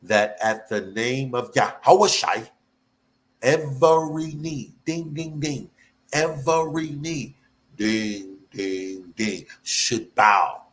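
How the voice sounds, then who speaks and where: Fired-up preacher guy, slow drawn-out delivery, repeats himself, whoops now and then. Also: fairly bright tone. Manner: fervent, repetitive, with sudden high whoops. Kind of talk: sermon.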